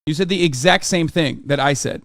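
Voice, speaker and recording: Brief: a man, a streamer on an emphatic, cursing, rambling rant, slightly higher voice, very dry sound. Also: fairly quick, vocal fry, fairly bright tone, no room sound. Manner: profane, emphatic, exasperated, rambling with many restarts. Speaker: livestreamer reacting to clips. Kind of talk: casual livestream rant.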